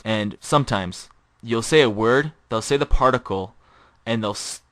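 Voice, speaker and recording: A man teaching a casual podcast language lesson, informal and repeating example phrases slowly. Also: lowish voice, a bit bright, dry recording.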